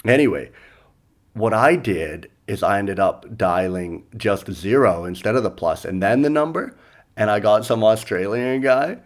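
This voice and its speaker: A man's voice: on the low side, animated, a little slow. A comedian and podcast host telling stories in a loose, rambling way, chuckling at his own punchlines. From Canada. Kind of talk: casual storytelling monologue.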